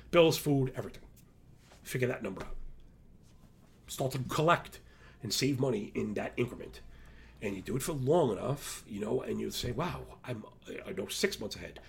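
Gravelly rambling New man. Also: mid-range voice. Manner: rambling, excitable, self-described motor mouth. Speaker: podcast host. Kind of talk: casual talk to listeners.

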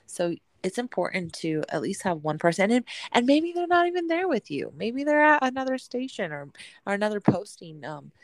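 A woman co-hosting a podcast who tells animated family stories, acting out the quotes, and encourages listeners. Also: medium pitch, moderate pace, no room sound. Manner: animated storyteller, acts out her family in quotes. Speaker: podcast co-host. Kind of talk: casual chat and encouragement.

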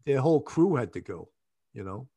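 A man's voice: mid-range voice, very animated, normal speed, dark tone, breathy edge. A man, a retired police sergeant, telling anecdotes in casual chat.

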